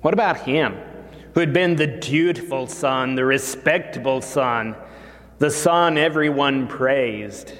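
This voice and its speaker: A man's voice: medium pitch, takes it slowly, fairly bright tone. A man preaching a sermon, retelling a parable in a dramatic storytelling manner. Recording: long reverb of a large hall.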